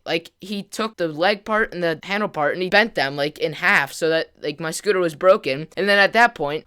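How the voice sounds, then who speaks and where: A man's voice: sits high, pushed and bright, clean tone. A man, a gaming vlogger, telling a story to camera in a rambling way, full of "like" fillers and restarts.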